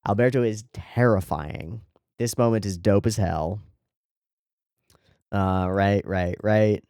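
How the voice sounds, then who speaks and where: Low-voiced man in enthusiastic episode commentary. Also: slow, pauses often, dark tone, smooth, dry recording, clean studio sound. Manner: enthusiastic, swears freely, frequent restarts. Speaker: anime reaction host.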